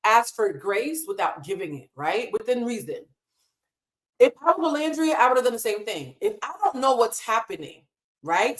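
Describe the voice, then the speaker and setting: A woman's voice: medium pitch, fairly bright tone. A woman hosting a live stream, talking in a casual, impassioned and emotional way and swearing freely. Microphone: desk mic in a hotel room.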